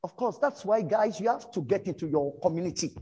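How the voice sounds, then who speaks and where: A middle-aged man from Nigeria with a Nigerian English accent, preaching a sermon and telling stories from his own life, animated and breaking into shouts. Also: high-pitched, fairly quick, husky, rough recording. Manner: animated storytelling, bursts into shouts. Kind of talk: sermon with personal testimony.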